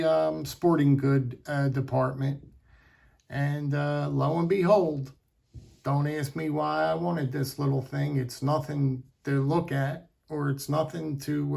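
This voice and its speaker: A middle-aged man telling rambling, halting, sentimental stories about his knives in a casual vlog. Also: a little high, creaky, darkish tone. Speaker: knife collector vlogger. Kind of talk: casual storytelling to camera.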